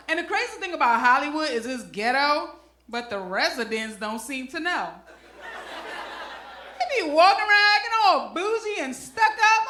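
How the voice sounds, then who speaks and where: A high, bright-voiced woman works a comedy club stage, swinging her pitch all over as she throws slang and asides to the crowd. She is middle-aged, and her punchy stand-up delivery rings in a roomy club with faint noise behind it. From Brooklyn, New York.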